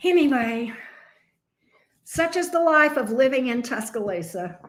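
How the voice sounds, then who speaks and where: A woman's voice: sits high, expressive, measured pace. A woman, a tarot reader chatting casually and profanely on a live stream from her home office. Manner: profane, chatty, self-mocking.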